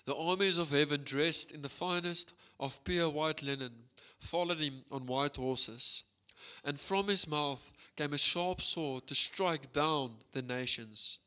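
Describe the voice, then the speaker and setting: A South African man preaching with lively, animated storytelling, checking in with the listeners as he goes. His voice is bright and slightly high, with a clean, resonant tone. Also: measured pace. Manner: energetic, animated storytelling with frequent "right?". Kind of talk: sermon.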